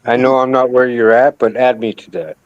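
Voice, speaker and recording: A man who is a guest on a casual live stream, talking in a halting way, repeating himself and joking now and then. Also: medium pitch, no room sound, dull audio.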